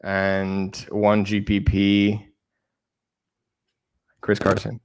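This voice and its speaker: A man co-hosting a fantasy football show in casual chat, excitable and often stumbling and repeating words. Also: lowish voice, extremely slow, slight background noise. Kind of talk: casual sports betting chat.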